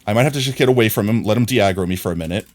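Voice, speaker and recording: A man streaming a video game live, talking to himself in excited, frantic bursts as he plays. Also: fairly low pitch, rapid-fire. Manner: excitable, frantic, talks to himself while playing. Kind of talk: live gameplay commentary.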